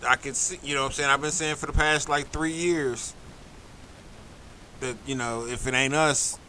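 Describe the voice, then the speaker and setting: A man's voice: mid-range voice, fairly even intonation, normal speed, sharp tone, a little hiss or hum, rough recording. A man co-hosting a casual sports podcast, joking loosely and trash-talking rival teams. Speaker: podcast co-host.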